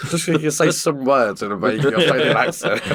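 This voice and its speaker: A man's voice: on the high side, a bit bright. A middle-aged man, co-hosting a casual podcast, laughing often and joking at his own expense. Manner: laughs a lot, self-deprecating, jokey. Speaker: podcast co-host. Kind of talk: casual banter. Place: garage.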